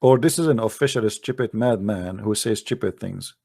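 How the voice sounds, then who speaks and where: A man's voice: fairly low pitch, normal speed, creaky, dark tone. A man giving a mocking, sarcastic polemical monologue in broken English grammar. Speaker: religious debate commentator.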